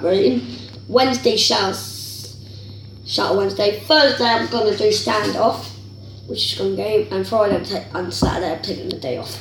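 An excitable woman talks slowly over her game, her voice swinging high and low as she rambles and squeals. The sound is roomy and echoey. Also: far from the mic. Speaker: gaming video host. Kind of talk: casual pack-opening commentary.

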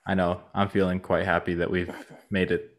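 A man's voice: sits low, level tone, brisk. A man co-hosting a casual podcast, talking in an easygoing, laid-back way. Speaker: podcast co-host.

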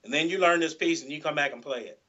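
A man's voice: a little high, quick pace, sharp tone, dull audio. A man, a guest guitarist, chatting casually in an interview, rambling and full of "you know"s and restarts.

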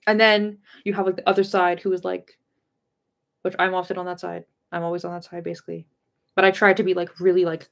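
Chatty woman, rambling book talk. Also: on the low side. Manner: chatty and rambling, heavy on filler words and swearing. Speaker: host of a book discussion channel. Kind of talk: casual livestream book discussion.

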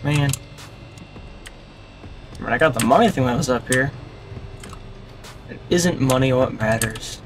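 A man's voice: medium pitch, unhurried, pauses often, background noise. Man casually commenting on his gameplay. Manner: chatty, talking to himself while playing. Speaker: gaming channel host. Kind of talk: casual let's-play commentary.

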